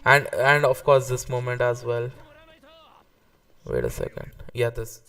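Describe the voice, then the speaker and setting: Excitable gravelly man streaming live. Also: medium pitch, a little slow, distant mic. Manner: excitable, swears casually, restarts often. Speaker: streamer ranking anime arcs. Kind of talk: casual live-stream reaction commentary.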